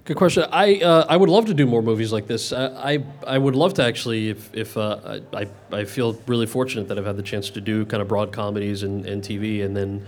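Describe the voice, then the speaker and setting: A man's voice: lowish voice, a little fast, few pauses. A man in his thirties answering audience questions at a Q&A, rambling and correcting himself as he goes. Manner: rambling, self-correcting, many restarts. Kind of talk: Q&A event.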